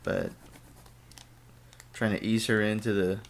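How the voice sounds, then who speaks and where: A man's voice: fairly low pitch, little pitch movement, slow. Joking, rambling male podcast co-host. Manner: rambling and jokey, with cursing and playful quoted voices. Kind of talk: casual chat.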